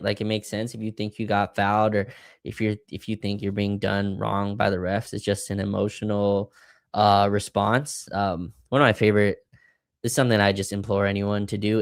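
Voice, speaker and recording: A man's voice: on the low side, smooth, no room sound, clean studio sound. A man co-hosting a sports podcast, talking through a game in a casual, analytical way and hedging his points. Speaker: podcast co-host. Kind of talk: casual sports recap chat.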